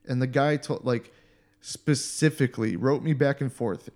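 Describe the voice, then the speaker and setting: A man's voice: mid-range voice, moderate pace, darkish tone. A man in casual podcast chat, telling stories animatedly and swearing freely. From United States.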